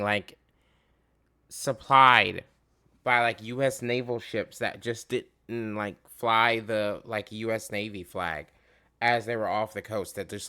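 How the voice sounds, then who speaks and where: A man's voice: lowish voice, bright, forceful tone, clear, resonant tone. A man giving casual, rambling commentary, swearing often as he rants while reacting to a video. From United States. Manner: profane, rambling, fired up.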